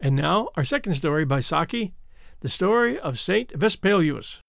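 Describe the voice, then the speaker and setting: A man narrating classic short stories aloud in a measured, expressive reading with deliberate pauses. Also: a little high, vocal fry, dry recording, clean studio sound. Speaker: audiobook narrator.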